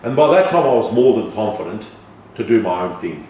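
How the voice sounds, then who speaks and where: A man's voice: on the low side, fairly quick. A middle-aged man, a podcast guest, telling stories animatedly, swearing and acting out dialogue. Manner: animated storyteller who swears and acts out dialogue. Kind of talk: casual storytelling interview. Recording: echoey room, from far off, faint noise.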